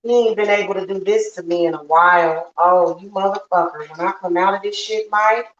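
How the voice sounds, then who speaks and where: A woman's voice: mid-range voice, fairly even intonation, brisk, slight background noise. A woman hosting a casual witchy livestream, venting bluntly and profanely to her viewers. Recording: roomy, slightly dull home sound.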